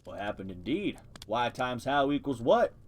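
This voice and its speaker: Male reader as a tired mouse father, low and glum, storybook. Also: big pitch swings, moderate pace, a little hiss or hum, close to an everyday voice. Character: weary wind-up toy mouse father, despairing.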